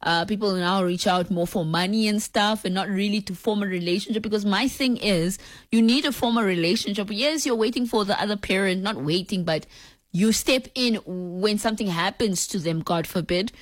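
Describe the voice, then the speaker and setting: Lively woman host. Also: medium pitch, moderate pace, no room sound. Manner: lively, laughing, acts out family scenes. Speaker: radio talk show host. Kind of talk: casual on-air chat, reading listener messages.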